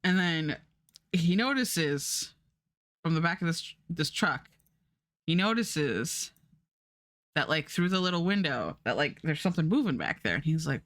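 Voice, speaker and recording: A woman streamer telling a story in a casual, animated way, repeating words and restarting often. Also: low voice, moderate pace, dry recording, clean studio sound.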